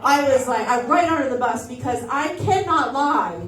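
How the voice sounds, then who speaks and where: Animated woman telling a stand-up story. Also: high voice, moderate pace, roomy sound, far from the mic, poor audio. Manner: animated storytelling, acting out voices of family. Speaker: stand-up comedian. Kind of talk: stand-up comedy set. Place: comedy club stage.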